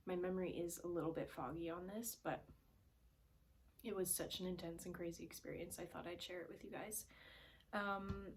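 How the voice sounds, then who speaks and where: A woman's voice: lowish voice, a little mellow, a little hiss or hum. A young woman telling a story in a casual, rambling way, full of "like" and "um", sometimes dropping to a whisper, recorded at home on a camera aimed at her face. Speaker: vlogger.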